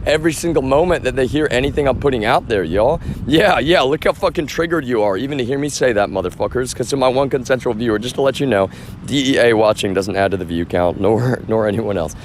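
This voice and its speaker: An agitated man rants into his phone while walking outdoors, his voice sitting at an ordinary middle pitch. He rambles, swears heavily and keeps turning to his viewers. Faint traffic hums behind him on the street. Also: quick pace. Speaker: livestreamer. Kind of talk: outdoor livestream rant.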